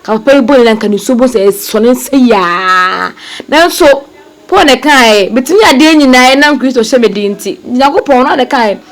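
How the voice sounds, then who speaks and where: A woman's voice: fairly high pitch, lively intonation, moderate pace. A Ghanaian woman hosting an online show, talking to her viewers as family and mixing two languages. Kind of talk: commentary to viewers.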